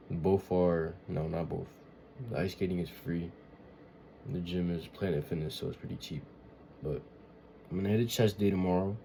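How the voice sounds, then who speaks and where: Deep-voiced man rambling confessionally. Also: warm tone, a little hiss or hum. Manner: rambling, emotional and searching, with frequent swearing and fillers. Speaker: vlogger. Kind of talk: casual confessional monologue.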